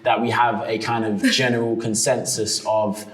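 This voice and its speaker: A man's voice: fairly low pitch, normal speed, a little hiss or hum. A young man from London with a London accent, chatting casually as an interview guest, with lots of fillers and restarts. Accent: London English. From London, England. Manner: relaxed, many fillers and restarts. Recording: echoey room.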